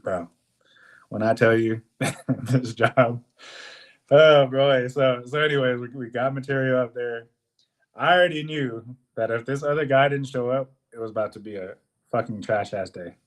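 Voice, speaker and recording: A young man co-hosting a podcast, telling a work story in a casual, animated way, swearing often and acting out what people said. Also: medium pitch, normal speed. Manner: animated, profane, swears often, acts out quotes. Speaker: podcast co-host.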